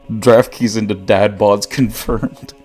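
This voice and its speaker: A man's voice: on the low side, darkish tone. A man streaming a story game, reading the text aloud between frequent laughs and joking banter with chat.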